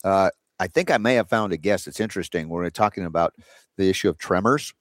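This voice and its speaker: A man's voice: sits low, brisk, no room sound, clean studio sound. A man hosting a talk show, chatting casually and rambling with many fillers and restarts. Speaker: radio show host.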